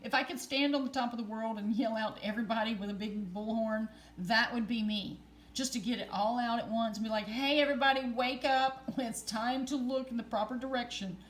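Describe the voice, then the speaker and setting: A woman, vlogging in a rambling, excitable way and laughing often. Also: on the high side. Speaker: spiritual vlogger. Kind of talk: rambling casual vlog.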